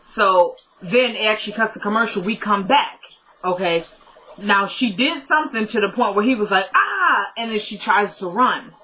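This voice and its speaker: A young woman casually recapping a TV episode, telling it as an animated story and often laughing. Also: mid-range voice, moderate pace, low-quality recording.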